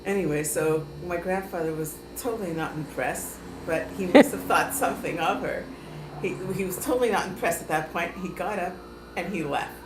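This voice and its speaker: A woman being interviewed, telling a family story in a measured way. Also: lowish voice, crowd noise. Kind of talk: recounting family history. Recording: echoey room with noise.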